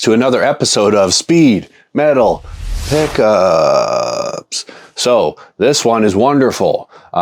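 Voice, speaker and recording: A man hosting a casual vlog, telling a rambling, profane, sarcastic story about buying a collection. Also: low-pitched. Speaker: comic shop owner and video host.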